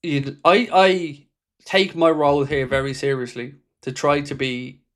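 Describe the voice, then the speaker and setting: A man's voice: a little high, fairly even intonation, a little slow, fairly bright tone. A man hosting a football fan livestream, reading viewer comments and answering them bluntly, with passion and frequent swearing. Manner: impassioned, blunt, swears freely. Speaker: football fan channel host. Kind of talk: livestream reaction chat.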